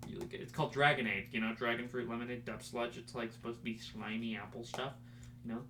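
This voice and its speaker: A young man hosting a podcast, rambling in casual chat with lots of fillers and excited fan talk. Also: medium pitch, fast, slight background noise. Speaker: podcast host.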